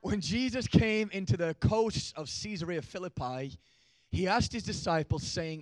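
A young man preaching a sermon to a church congregation. He jokes with the crowd and then builds to shouted emphasis. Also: high-pitched, moderate pace, no echo. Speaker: pastor.

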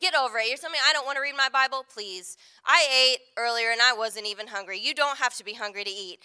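Bright-voiced, high woman pastor preaching. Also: fast, clean tone. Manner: conversational, frequent "right?" asides. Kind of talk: sermon.

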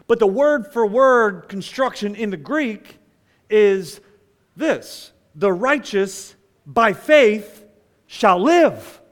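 A man preaching a sermon as pastor, swinging between loud emphatic lines and hushed asides. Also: high voice, big-room sound.

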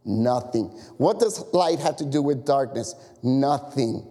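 A man preaching a sermon as pastor, animated and conversational, full of rhetorical questions. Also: mid-range voice, unhurried, big-room sound.

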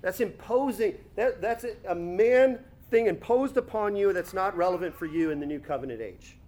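A man preaching a conversational sermon, teaching with rhetorical asides and quick self-corrections. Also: high voice, animated, a little mellow. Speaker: pastor.

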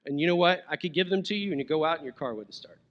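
A man's voice: on the high side, racing, lo-fi sound. A man preaching a sermon as pastor, conversational and playful, chuckling now and then.

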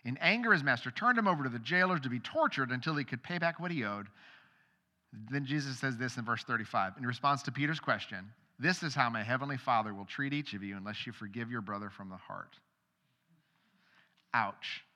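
A man's voice: a little high, animated, brisk, pushed and bright, long reverb tail. A male pastor giving a sermon in a conversational way, acting out the voices of people in the stories he tells. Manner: conversational, acts out quoted voices.

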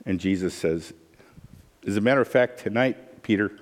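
A man preaching a sermon as pastor, animated and humorous, acting out the voices he quotes. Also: fairly low pitch, normal speed, big-room sound.

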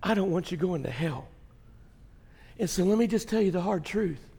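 A middle-aged man preaching from the pulpit in a strikingly high voice, pushing hard with blunt, provocative lines. He swings between loud, shouted peaks and hushed passages that fall almost to a whisper, talking straight to his congregation. His voice rings with the long reverb of a big church sanctuary. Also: expressive, moderate pace, gravelly, husky. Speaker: pastor. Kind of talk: sermon.

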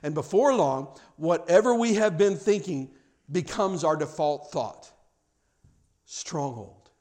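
A man's voice: a little high, expressive, slow, a little mellow. A middle-aged man preaching a sermon to a congregation in a conversational way, repeating his words as he restarts and acting out little scenes. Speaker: pastor.

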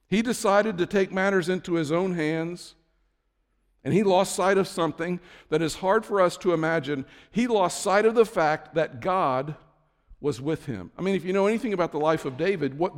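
A man's voice: a little high, moderate pace, in a large hall. A man preaching a sermon as pastor, conversational, with frequent restarts and asides.

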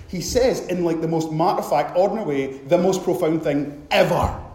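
High-voiced guy preaching, acting out the story, really echoey big room. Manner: animated storytelling, repeats for emphasis. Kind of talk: sermon. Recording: very echoey hall.

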